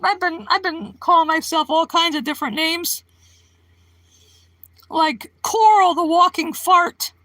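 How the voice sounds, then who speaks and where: Woman streamer, high bright voice, giggly rambling chat, dry close sound. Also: unhurried, pauses often, no room sound. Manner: rambling, giggly, laughs often between remarks. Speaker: live streamer. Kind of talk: casual live-stream chat with viewers.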